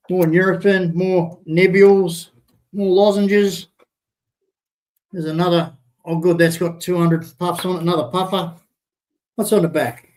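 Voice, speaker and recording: A man hosting a livestream, short of breath, talking in a rambling, hesitant way that turns heated and profane. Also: sits high. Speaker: livestream host. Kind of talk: casual livestream chat.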